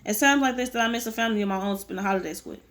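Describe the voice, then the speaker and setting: A woman's voice: mid-range voice, very fast, fairly bright tone. A woman reading a novel aloud, often stumbling and rereading words. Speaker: audiobook reader.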